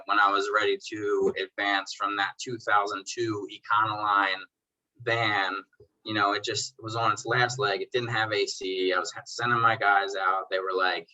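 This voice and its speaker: A man's voice: lowish voice, muffled recording. A man, a detailing business owner, chatting casually as a podcast guest and telling stories by acting out both sides of old conversations in a laid-back, slangy way. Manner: animated storyteller who acts out both sides of conversations; laid-back slang, calls people bro and dude. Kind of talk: casual interview chat.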